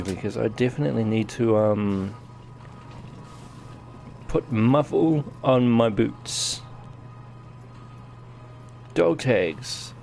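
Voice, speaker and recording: A man's voice: mid-range voice, creaky, a little mellow. A man with a New Zealand accent giving casual live-stream commentary while playing a game, chatting to his viewers as he goes. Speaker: gaming streamer.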